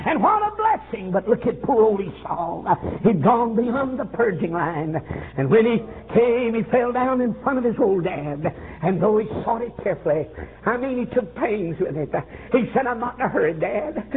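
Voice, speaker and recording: A man preaches a revival sermon in a high, ringing voice, swooping up into shouts and dropping low again, filling gaps with "uh." The recording is thin and phone-like, an old tape with a faint hiss underneath.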